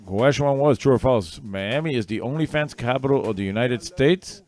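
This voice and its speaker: A man runs an online trivia night from home, reading out questions and answers. He drifts into casual, rambling asides between them. Soft music plays faintly underneath. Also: medium pitch, moderate pace. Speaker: trivia host. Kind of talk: casual livestream trivia hosting.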